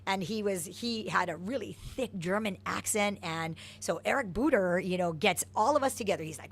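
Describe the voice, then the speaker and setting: Energetic middle-aged woman telling stories. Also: mid-range voice, normal speed, few pauses. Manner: energetic, animated storyteller. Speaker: soccer coach, guest. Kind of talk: interview storytelling.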